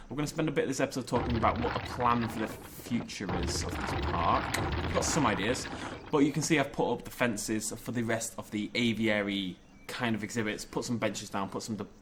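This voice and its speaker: A young man talks through a game in a chatty, rambling way and jokes as he goes. His pitch sits in the middle and swings around a lot. There is faint ambient noise behind him. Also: a bit bright. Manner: chatty, jokey, rambling with self-corrections. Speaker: gaming YouTuber. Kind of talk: casual game commentary.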